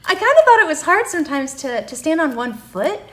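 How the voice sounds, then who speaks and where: A woman's voice: high-pitched, brisk, a little hiss or hum. A woman voicing a bouncy, eager young child student who answers politely in a children's show. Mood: chatty. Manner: polite, excited, answers "yes, ma'am". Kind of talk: children's show role-play.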